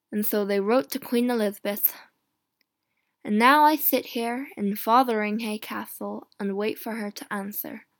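Slow, earnest woman reading aloud. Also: on the high side, no echo, studio quality. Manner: slow, measured, earnest delivery with emphatic pleading passages. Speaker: audiobook reader. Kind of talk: first-person audiobook narration.

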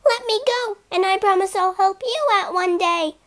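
A woman voicing a tiny, brave female mouse with a squeaky, earnest voice in a storybook reading. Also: normal speed, fairly bright tone. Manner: squeaky and pleading.

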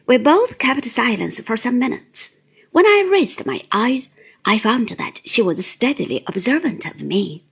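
A woman narrating a classic novel in the first person in a slow, hushed, whispery reading. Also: on the high side, big pitch swings, vocal fry, husky.

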